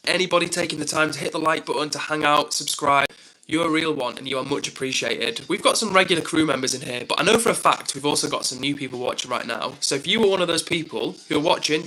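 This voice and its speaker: A man's voice: on the high side, bright, forceful tone, rough recording. A young man hosting his own live stream, chatting casually and reading out viewer comments in an upbeat, self-deprecating way.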